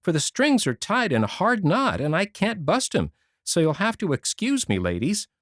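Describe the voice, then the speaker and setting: A man's voice: high-pitched, huge pitch swings, moderate pace, fairly bright tone, no echo, studio quality, pitched above the performer's own voice, exaggerated voice. A man reading a storybook voices a meek, flustered middle-aged farmer who speaks politely and with embarrassment.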